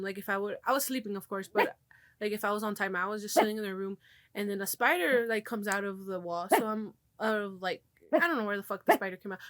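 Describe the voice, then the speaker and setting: A woman's voice: medium pitch, fairly bright tone, no echo. A young woman hosting a podcast, telling stories in loose casual chat, swearing freely and slipping into Spanish. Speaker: podcast host.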